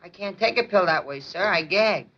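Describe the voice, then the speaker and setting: A man's voice: sits high, expressive, moderate pace. A man playing a timid, hypochondriac teenage son in a 1950s film comedy, speaking politely with a nervous stammer, on a lo-fi old soundtrack. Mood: timid, fussy. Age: young adult.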